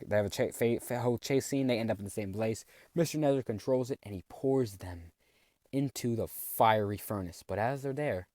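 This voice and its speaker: A man's voice: lowish voice, a little mellow, no echo. A man giving a rambling comedic recap of a cartoon plot, full of snarky asides. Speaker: video narrator.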